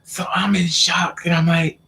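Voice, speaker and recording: A man with a slightly raised voice tells a personal story to the camera in a loose, casual vlog. He talks in an animated way, stumbles into repeats and acts out the other people's lines as he goes. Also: high-pitched, a little slow. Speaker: vlogger.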